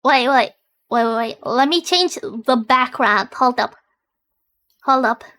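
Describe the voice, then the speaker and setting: A woman's voice: on the high side, lively intonation, slow, a bit bright. A woman streaming live, talking casually in a goofy way, stalling with fillers and repeats.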